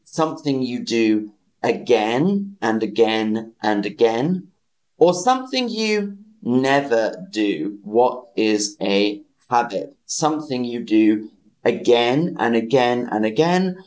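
A man teaching English on a live stream, speaking slowly and clearly, repeating phrases and greeting viewers by name. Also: mid-range voice, expressive, darkish tone, poor audio. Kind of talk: slow, clear language lesson with repetition.

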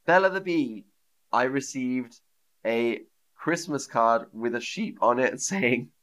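A man teaching English on a live stream, slowly repeating phrases for learners and reading out viewers' comments. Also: mid-range voice, lively intonation, fairly bright tone.

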